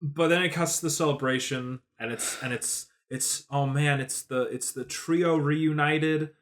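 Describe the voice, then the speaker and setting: A tipsy man co-hosting a podcast, giving a sarcastic, swear-filled film review and mocking the characters in quick put-on voices. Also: fairly high pitch, steady tone, a bit bright. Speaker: podcast co-host. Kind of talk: casual film review chat.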